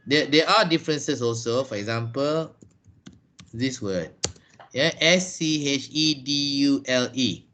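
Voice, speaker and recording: A man's voice: mid-range voice, unhurried, fairly bright tone, slight background noise. A man with a Malaysian accent teaching English in a video call class, answering questions patiently and explaining step by step. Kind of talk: online class Q&A.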